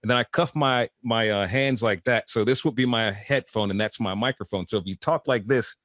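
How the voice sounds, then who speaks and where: A man in his fifties from Chicago, a veteran radio host telling his story as an interview guest, animated and expressive. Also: lowish voice, fairly quick, no room sound, studio quality. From Chicago, USA. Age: 50s. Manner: animated storyteller, voice jumps up when excited.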